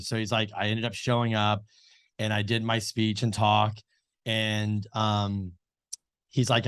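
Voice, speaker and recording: A man co-hosting an interview show, telling a story in a loose, rambling way full of fillers and retold dialogue. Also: lowish voice. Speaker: co-host. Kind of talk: casual interview chat.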